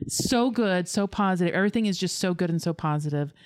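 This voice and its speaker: A grandmother-to-be talks with gushing emotion, her voice a little low in pitch. She sounds close and dry, with no room behind her. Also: quick pace, a little mellow, no echo. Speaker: podcast guest, grandmother-to-be. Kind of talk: casual chat.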